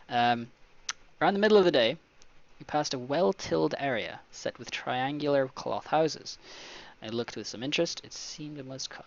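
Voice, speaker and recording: Man reading a game aloud, slightly muffled mic. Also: mid-range voice. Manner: reads story passages then breaks off into joking, excitable asides. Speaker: let's play host. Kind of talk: casual gameplay commentary, reading game text aloud.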